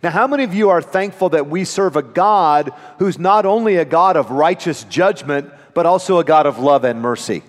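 Man, pastor, earnest emphatic sermon, fairly high voice, long church reverb. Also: animated. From United States. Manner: earnest, emphatic preaching with dramatic pauses.

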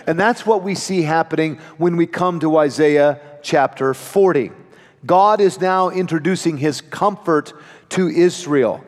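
A pastor preaching a sermon in an earnest, emphatic manner with dramatic pauses. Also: male voice, on the high side, long reverb tail. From United States.

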